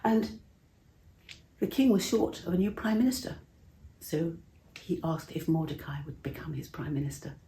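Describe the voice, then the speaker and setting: A woman telling a Bible story to children in a gentle way, asking her listeners questions. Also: low-pitched, animated, normal speed, long pauses, slight background noise. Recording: roomy echo.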